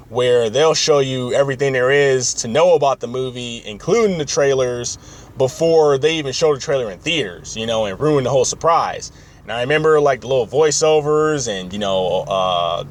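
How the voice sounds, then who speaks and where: A man hosting a podcast in casual chat, rambling and opinionated with many fillers. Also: mid-range voice. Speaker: podcast host.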